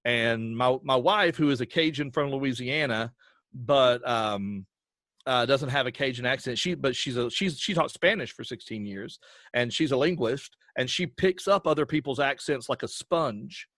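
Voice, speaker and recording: A man with an Appalachian accent, a podcast creator and guest, chatting in an animated storytelling way. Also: mid-range voice, moderate pace, no echo, clean studio sound. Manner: animated storyteller, does voices. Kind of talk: casual interview chat.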